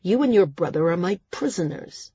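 Brief: a woman playing a sneering, rage-prone male island lord in an audiobook, husky and low-pitched. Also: animated, normal speed, warm tone, no echo, highs cut off, full character voice. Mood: menacing. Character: cruel, volatile male island ruler.

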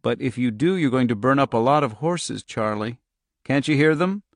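A calm, menacing man speaks softly and slowly, voiced by a male narrator. His tone stays level and quiet. The reading is dry, with no room sound. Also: medium pitch, no echo, close to an everyday voice. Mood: calm menace. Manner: soft, quiet, unhurried. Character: calm, menacing male agent, soft-spoken.

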